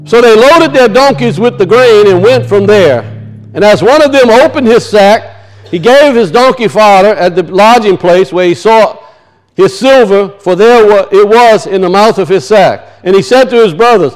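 A man's voice: high-pitched, moderate pace, poor audio. A man preaching a sermon. He reads scripture aloud, asks his hearers pointed questions and often repeats words for emphasis.

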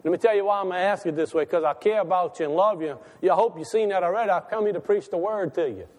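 A preacher with a high-pitched, darkish voice talks fast as he delivers a sermon in a church sanctuary. His tone is folksy and conversational, rising into impassioned calls, and the recording carries the long reverb of a church hall.

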